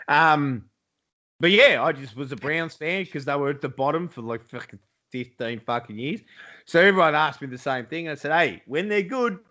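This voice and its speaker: At a moderate pace, an Australian man with a slightly high, pushed and bright voice swaps sweary, blokey banter about sport. He co-hosts a casual podcast over a video call from his home in Iowa.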